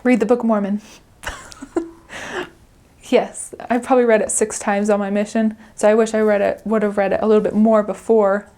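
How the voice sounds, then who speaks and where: A woman's voice: medium pitch, level tone, normal speed, dark tone. A young adult woman, a returned missionary, speaking earnestly and chattily in an interview and often breaking into laughter. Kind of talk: interview reflection.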